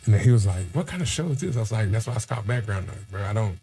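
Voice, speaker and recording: A man from Texas, chatting casually on a podcast and telling animated stories with acted-out quotes. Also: lowish voice, rapid-fire, a little hiss or hum.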